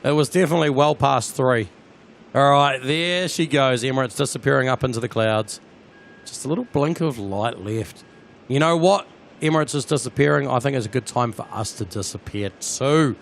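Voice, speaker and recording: A man with a New Zealand accent, hosting a live plane-spotting stream, chatty and excitable as he talks to his viewers outdoors at an airport. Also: medium pitch, normal speed, vocal fry.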